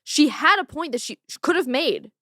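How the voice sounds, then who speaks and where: A woman's voice: sits high, lively intonation, normal speed, bright, forceful tone, no echo, studio quality. A woman hosting a commentary show, speaking in an earnest, opinionated way about faith. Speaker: host.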